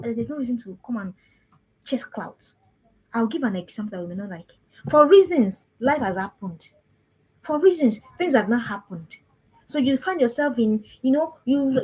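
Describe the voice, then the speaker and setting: A woman's voice: high-pitched, breathy edge, poor audio. A woman, a parenting coach giving an emphatic talk to parents and repeating phrases for stress.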